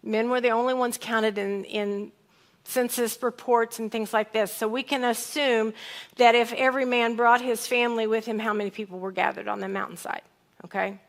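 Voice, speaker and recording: A woman's voice: on the high side, fairly even intonation, moderate pace. A woman pastor giving a sermon, reading scripture aloud and acting out lines in different tones. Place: church sanctuary.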